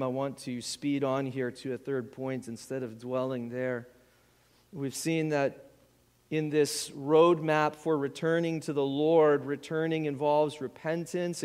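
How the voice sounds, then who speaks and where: A man's voice: a little high, darkish tone, clean tone, long reverb tail. A man preaching a sermon as pastor, earnest and building to impassioned appeals, at times dropping almost to a whisper.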